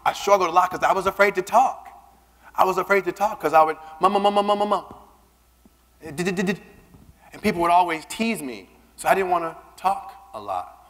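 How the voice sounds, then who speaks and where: A man giving a keynote speech, telling personal stories in an animated way and acting out the voices of the people he quotes. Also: fairly high pitch. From Southern United States. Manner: animated, acts out quoted voices, repeats words when starting a line. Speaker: keynote speaker. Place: large conference hall. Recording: reverberant hall.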